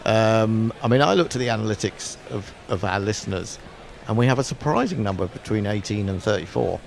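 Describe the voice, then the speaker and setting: A man's voice: fairly low pitch, animated, fairly quick, creaky, slight background noise. A middle-aged man chatting as a cricket co-commentator, rambling and self-mocking. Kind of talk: chatty summarising.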